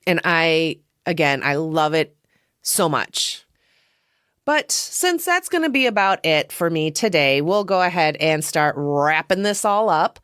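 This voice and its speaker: A woman with a somewhat low, smooth and clear voice hosts her podcast, reviewing a film casually. She rambles, chuckles often and pokes fun at herself. The sound is close and dry. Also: sing-song, measured pace, a bit bright, no room sound. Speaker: podcast host.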